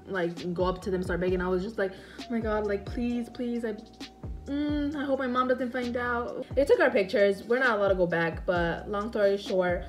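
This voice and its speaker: Casual young female vlogger, middle pitch, loose rambling delivery, faint music underneath. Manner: rambling, lots of "like", swears freely. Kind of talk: casual Q&A story time.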